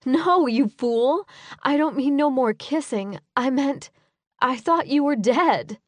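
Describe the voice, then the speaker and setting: A woman's voice: sits high, expressive, slow, dry recording, voice pushed up. A woman voicing a grieving young heroine, emotional and breaking up with tears. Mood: overwrought.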